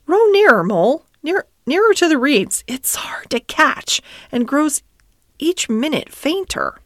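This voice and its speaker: A woman's voice: high voice, lively intonation, slow, a bit bright, no echo, in a whisper, clean studio sound, pitched above the performer's own voice, exaggerated voice. Rat, a woman doing a dreamy, murmuring water rat. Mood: urgent. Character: dreamy male water rat, poetic and languid. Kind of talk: storybook character voice.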